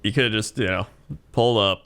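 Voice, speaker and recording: A man's voice: on the low side, fairly quick, fairly bright tone, smooth. A man co-hosting a podcast in casual chat, laid-back and reacting to his partner's stories. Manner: laid-back, reacts with laughs and short comments. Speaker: podcast co-host.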